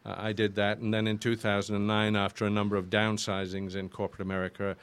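An older man with an English accent, chatting as an interview guest. His voice sits fairly low and he rambles warmly through long stories, often restarting his sentences. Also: monotone, fast, clean tone. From Yorkshire, northern England. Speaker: guest voice actor. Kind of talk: casual interview chat.

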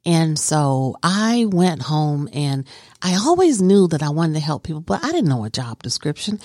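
A woman's voice: low voice, darkish tone, no echo, studio quality. A woman telling her life story in an interview, earnest and emphatic. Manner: earnest and emphatic, talks with conviction. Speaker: guest.

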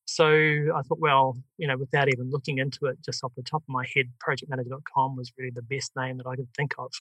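A middle-aged man with a New Zealand accent, a software company head telling his story on a podcast over a video call, chatty and laughing often. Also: mid-range voice, little pitch movement, fast, no echo, poor audio. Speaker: guest, software company CEO.

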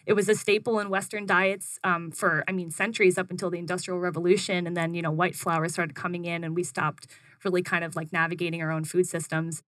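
A young woman, a guest who founded a food business, tells her story fast and energetically in a bright, clear voice, saying "like" constantly. She acts out her own quotes in a jumped-up, higher voice, and she's recorded close in a dry space.

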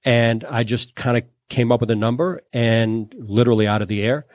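A man from Louisiana recounts his story as an interview guest. He talks loosely and anecdotally, sprinkling in fillers. His voice sits at a middling pitch and sounds close and dry, with no room around it. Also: fairly even intonation, normal speed, a little mellow, no room sound. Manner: chatty anecdotal telling with frequent "you know" and "um". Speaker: guest, solar entrepreneur.

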